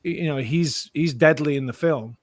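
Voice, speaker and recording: A man, an actor guest, telling lively anecdotes in an interview and acting out the quotes. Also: on the high side, normal speed, no room sound. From Britain. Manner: animated storyteller, acts out quotes.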